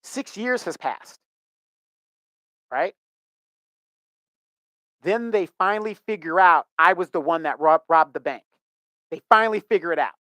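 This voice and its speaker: A man's voice: a little high, normal speed, pauses often, sharp tone, no echo. Middle-aged guy vlogging a rant, indignant n emphatic, dry close sound. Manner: emphatic, indignant, repeats himself. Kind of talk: ranting commentary.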